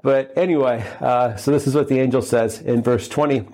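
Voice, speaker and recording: A man's voice: medium pitch, steady tone, moderate pace, warm tone. A male pastor preaching a sermon in a conversational way, with humorous asides and many fillers.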